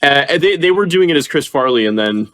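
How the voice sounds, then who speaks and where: A man's voice: on the high side, expressive, fast talker, a bit bright. Rambling man in casual podcast chat. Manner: rambling, laughs often. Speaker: podcast co-host.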